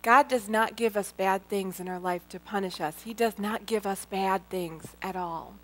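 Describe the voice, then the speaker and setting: A woman's voice: mid-range voice, moderate pace, a bit bright. A middle-aged woman giving a personal testimony talk to a live audience, earnest and heartfelt, speaking directly to her listeners as a Christian speaker.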